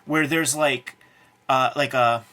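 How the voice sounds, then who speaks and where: A man's voice: medium pitch, fairly even intonation, takes it slowly, bright, forceful tone. A man co-hosting a casual chat about comics as a cartoonist, talking profanely and acting out tough-guy lines from movies. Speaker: cartoonist co-host.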